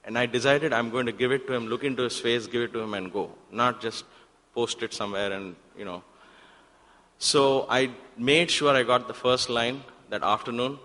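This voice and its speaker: A man, telling a personal story in a talk at a devotional center and acting out the exchanges in sudden loud bursts. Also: medium pitch, steady tone, moderate pace. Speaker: guest speaker at a spiritual center. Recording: long hall reverb.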